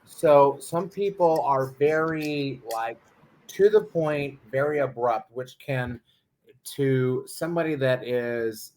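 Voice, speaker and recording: A man's voice: mid-range voice, takes it slowly, darkish tone, a little hiss or hum. Rambling storytelling man in casual chat. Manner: rambling, storytelling with acted quotes. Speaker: co-host.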